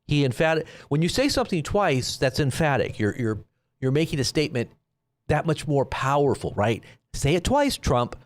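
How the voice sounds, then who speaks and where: A man's voice: a little high, big pitch swings, normal speed. A man hosting a live stream, giving rambling, sarcastic commentary on the news. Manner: sarcastic, rambling, with frequent restarts.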